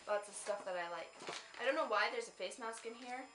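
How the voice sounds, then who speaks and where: A woman's voice: fairly high pitch, a little fast, a bit bright, roomy sound, a little hiss or hum, rough recording. A young woman from Canada in a casual vlog, chatting in a rambling way with lots of ums and laughs. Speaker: vlogger.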